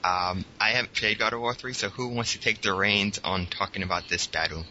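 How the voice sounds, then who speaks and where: A man's voice: fairly low pitch, fairly even intonation, fairly quick, sharp tone, a little hiss or hum. A man hosting a casual gaming podcast, loose and joking, laughing often. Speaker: podcast host. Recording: dull lo-fi sound, faint music.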